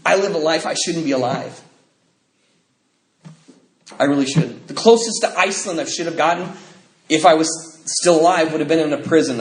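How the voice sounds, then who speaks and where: A middle-aged man speaks to a convention crowd about his recovery, in a voice pitched a little high for a man. He tells his stories lively and acts out the conversations in different voices. The sound is roomy and echoing, with a faint hiss underneath. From northwestern United States. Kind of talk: personal recovery talk to a convention audience. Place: convention hall. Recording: roomy hall with faint noise.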